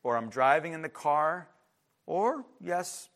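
A man's voice: on the high side, sing-song, slow pace, fairly bright tone. A man preaching a sermon in an emphatic, conversational way, with frequent restarts and asides to the congregation. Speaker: pastor.

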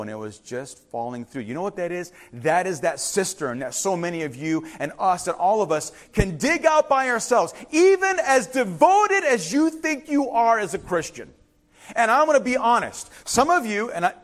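A middle-aged man, a pastor, telling a story in his sermon and then preaching with rising emphasis. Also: on the high side.

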